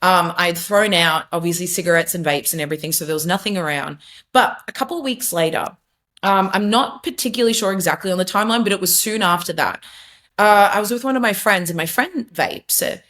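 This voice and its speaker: A woman's voice: lowish voice, a little fast, a bit bright. Earnest young woman sharing testimony. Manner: earnest, emphatic, many fillers and restarts. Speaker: podcast guest. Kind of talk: candid testimony in conversation.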